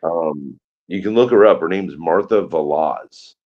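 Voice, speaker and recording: A man in casual conversation, telling a relaxed story with easy enthusiasm. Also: deep voice, unhurried, highs cut off. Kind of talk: casual chat.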